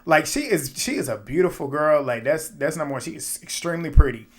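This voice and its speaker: A man giving a casual, opinionated recap of a reality show episode, animated, often laughing and swearing. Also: fairly high pitch, brisk.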